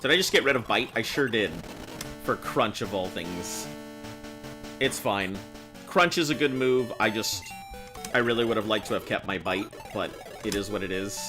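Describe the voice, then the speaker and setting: A man chatting casually with viewers while he plays, rambling and thinking out loud. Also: lowish voice, expressive, moderate pace. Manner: rambling, talks to chat while playing. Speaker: game streamer. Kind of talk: casual live-stream chat. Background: game music.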